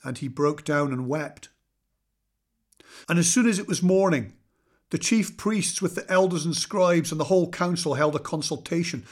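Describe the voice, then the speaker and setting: Guy reading bible verses, slightly high voice, slow solemn pacing. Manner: measured, solemn reading with slow dramatic pauses. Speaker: scripture reader. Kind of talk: scripture reading.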